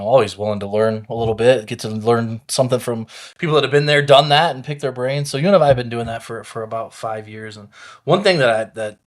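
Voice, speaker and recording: A man in a middle register co-hosts a business podcast at a brisk clip. He asks quick, prompting questions and often doubles back on his words. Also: mid-range voice. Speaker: podcast co-host, company COO. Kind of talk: casual podcast conversation.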